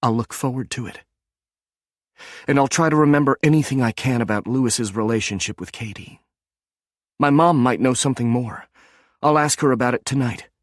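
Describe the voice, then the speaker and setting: A man's voice: medium pitch, normal speed, pauses often, no echo, clean studio sound, voice pushed up, natural voice. A man voicing an earnest, reassuring young woman in an audiobook.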